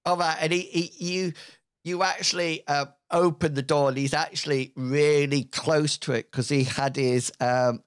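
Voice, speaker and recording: A man narrating a tabletop game as game master, slow and halting, with many fillers. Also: on the high side, fairly even intonation, clear, resonant tone.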